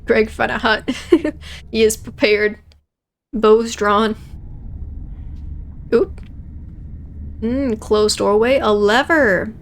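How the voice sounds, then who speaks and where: A woman's voice: on the high side, fairly even intonation, extremely slow, pauses often. A young woman playing a game, reading every character's dialogue aloud in her own voice and joking casually between lines. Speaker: let's play streamer.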